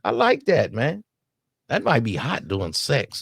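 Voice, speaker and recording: Man, Southern US accent, gravelly low voice, lively swinging pitch, playful reaction commentary. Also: normal speed, no echo, clean studio sound. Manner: playful, teasing, drawls words and swings his pitch up high.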